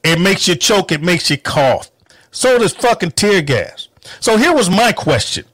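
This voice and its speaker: A man's voice: high-pitched, big pitch swings, unhurried, a bit bright, no room sound. A man venting in an angry, profane political rant, heated and emphatic. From North Carolina, US. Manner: mocking quoted voices.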